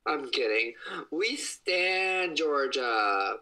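A young man chatting casually on a livestream from his home kitchen, excitable and gushing, breaking into high squeals, speaking into a phone held at arm's length. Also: drawn-out words, low-quality recording.

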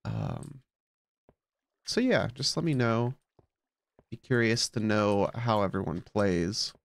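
A man's voice: fairly low pitch, clear, resonant tone, no room sound. A man commenting casually on his game as a let's play host, sleepy and just woken up, musing aloud with plenty of fillers.

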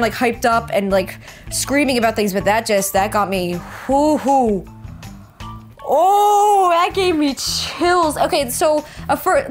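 A young woman with a high, bright voice reacts to an anime episode, gasping and squealing and tumbling over her own words. She talks loosely and repeats herself. Soft music plays faintly behind her. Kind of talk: excited reaction commentary.

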